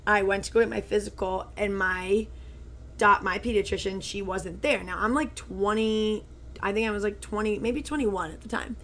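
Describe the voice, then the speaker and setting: A woman's voice: mid-range voice, gravelly, a bit bright. Woman, 20s, podcast co-host; easygoing storyteller, filler-heavy, faint room hum behind. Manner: chatty storytelling, full of "like" fillers. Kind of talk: casual chat.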